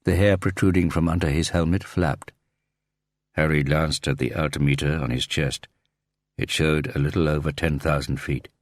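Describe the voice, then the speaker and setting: A man with an extremely deep voice reads a thriller audiobook in a steady, measured way. The recording is close and dry, with no sense of a room around him. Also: no room sound. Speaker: audiobook narrator. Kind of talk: scripted narration of a thriller audiobook.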